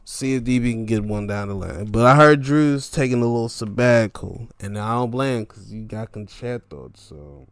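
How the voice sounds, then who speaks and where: A man hosting a casual solo show, reviewing wrestling events in animated, profane, exasperated rants. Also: mid-range voice, normal speed, hardly any pauses, clean tone, no room sound, studio quality.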